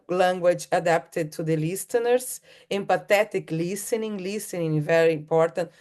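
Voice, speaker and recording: Slow, emphatic woman giving a talk. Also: on the low side, darkish tone. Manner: earnest, emphatic, stresses key words; halting, restarts words mid-phrase. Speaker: panel speaker on communication. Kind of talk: webinar presentation.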